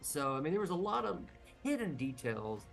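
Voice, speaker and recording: A man with a gravelly voice, pitched somewhat high for a man, explains his views in a casual pop-culture debate. He talks thoughtfully and leans on fillers. Faint music runs underneath. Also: very animated, normal speed, fairly bright tone. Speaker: podcast co-host.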